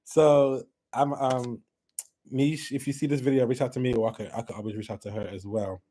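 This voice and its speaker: A man hosting a casual giveaway vlog at home, chatting as he draws winners, laughing often and breaking into high excited squeals. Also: fairly quick, slight background noise. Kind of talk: casual chat while drawing giveaway winners.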